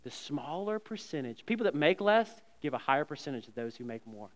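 Earnest pastor with a smooth, resonant voice. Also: male voice, mid-range voice, sing-song, quick pace. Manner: earnest, stammers with repeated words. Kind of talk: sermon. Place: church sanctuary. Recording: long reverb of a church hall.

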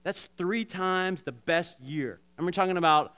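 A man preaching a sermon, talking straight to the congregation with lots of restarts and animated asides. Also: high voice, a little slow, clear, resonant tone. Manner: animated, repetitive restarts, addresses congregation directly. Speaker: pastor.

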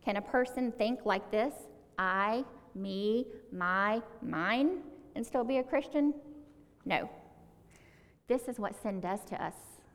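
A woman preaching a sermon in an earnest, conversational way, slowing down to stress key words. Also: a little high, darkish tone. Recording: long hall reverb.

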